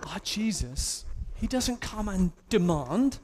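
An English man in his thirties preaching a sermon, animated and self-mocking as he tells stories. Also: sits high, slow pace, long reverb tail, a little hiss or hum. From England. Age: 30s. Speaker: pastor.

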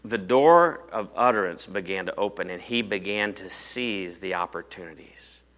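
A male pastor preaches with a forceful, bright voice that sits a bit low. He speaks in an animated, conversational way and keeps asking rhetorical questions. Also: moderate pace. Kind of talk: sermon.

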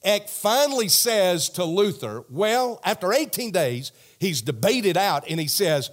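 Brief: male preacher, animated storyteller, unhurried. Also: high-pitched. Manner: animated storytelling, talks to the crowd directly. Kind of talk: sermon.

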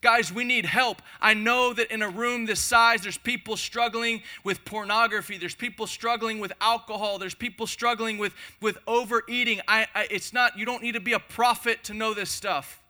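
A man's voice: high voice, steady tone, normal speed, hardly any pauses, pushed and bright. A man preaching a passionate sermon to a congregation, speaking in emphatic, repeated phrases. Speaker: pastor. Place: church hall before a congregation.

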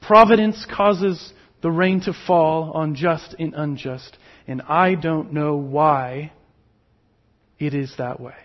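A man preaching a sermon, slow and emphatic, with sudden drops to a near whisper on key words. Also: a little high, steady tone, highs cut off. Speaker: pastor.

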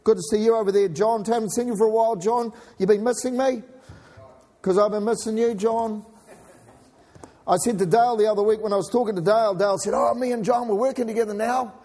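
A man preaching a sermon in a church, his voice sitting high for a man. He chats and jokes with the congregation as he reads scripture. The sound carries a long reverb from a large hall. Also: steady tone, brisk, mellow. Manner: chatty, jokes with the congregation between readings. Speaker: pastor.

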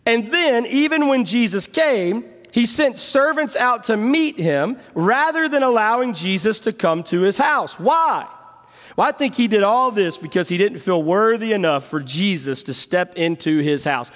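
A man's voice: high voice, lively intonation, unhurried, fairly bright tone, big-room sound. A man preaching a sermon in a church as pastor, emphatic and repeating key phrases. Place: church sanctuary.

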